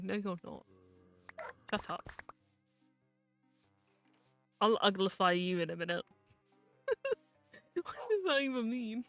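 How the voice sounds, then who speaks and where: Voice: medium pitch, lively intonation, measured pace, long pauses, sharp tone, faint music behind. A VTuber streamer in casual live-stream chat while gaming, rambling, teasing friends and muttering to themself.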